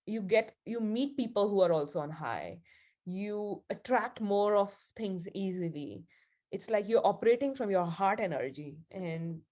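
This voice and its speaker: A woman's voice: mid-range voice, warm tone. A woman leading a spiritual group session, telling a story in a chatty, casual way with frequent laughs. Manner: chatty, laughs often, many fillers like "like".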